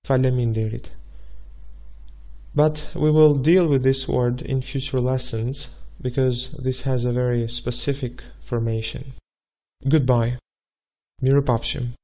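Slow, patient man teaching a language. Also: mid-range voice, fairly even intonation, warm tone. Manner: patient, repeats each word slowly. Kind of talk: slow spelled-out language lesson.

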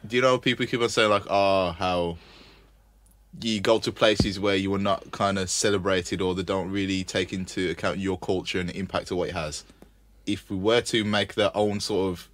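A man's voice: deep voice, level tone, brisk, a bit bright. A young man, chatting casually and rambling through his questions. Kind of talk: casual chat.

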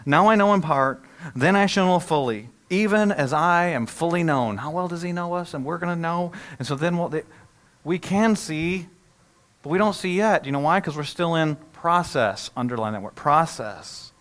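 A man preaching a sermon in a slightly high voice. He is middle-aged and lively, acting out the reactions he describes. He drops to a near hush when the point turns solemn. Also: moderate pace. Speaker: pastor.

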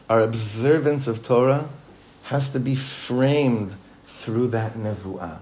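A man teaching an informal Torah class as a rabbi. He talks conversationally, repeats phrases for emphasis and chuckles often. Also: mid-range voice.

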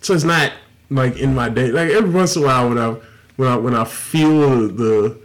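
A man's voice: medium pitch, brisk. Blunt, foul-mouthed podcast host man. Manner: profane, blunt, laughs easily. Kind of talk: casual chat.

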